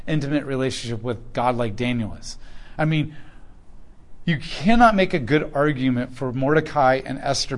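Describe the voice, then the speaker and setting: Man teaching a casual Bible study. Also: medium pitch. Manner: conversational, emphatic, acts out quoted voices.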